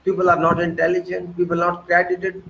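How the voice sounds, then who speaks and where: A man's voice: high voice, completely flat delivery, quick pace, creaky, fairly bright tone, muffled recording, slight background noise. A man with an Indian English accent delivering an impassioned political monologue, firing off indignant rhetorical questions with sarcastic jabs. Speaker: political commentator.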